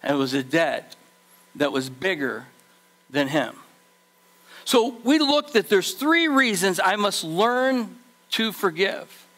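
A man preaching a sermon as pastor, animated, acting out the people in his story. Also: sits high, slow pace, pauses often.

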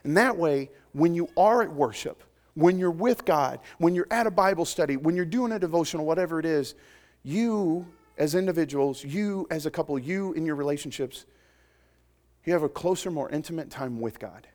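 A man delivering a sermon in a somewhat high voice. He keeps it conversational and jokes with the people in front of him. He swings between loud, emphatic declarations and soft, near-intimate asides. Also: moderate pace. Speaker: pastor.

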